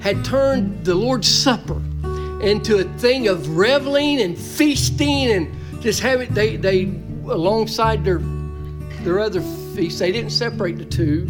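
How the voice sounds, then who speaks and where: A man preaching a sermon in a church, folksy and emphatic, joking with the congregation. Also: high voice.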